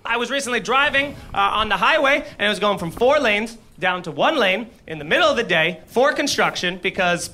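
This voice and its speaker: A man's voice: sits high, animated, fairly quick, few pauses, sharp tone. A man doing a stand-up comedy bit, telling a story and chuckling through his lines.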